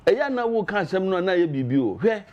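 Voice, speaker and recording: A man's voice: high-pitched, sing-song, quick pace, lo-fi sound. A man with a Ghanaian accent, a party official on a talk show, arguing his case with energy and moving between Twi and English. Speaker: political party official, guest. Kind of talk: political debate talk.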